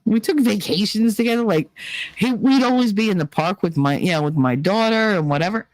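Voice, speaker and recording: Chatty New woman, mid-pitched, emotional storyteller, dry close mic. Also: a little fast, dry recording. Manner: animated, emotional, acts out quotes. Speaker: streamer. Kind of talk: casual storytelling chat.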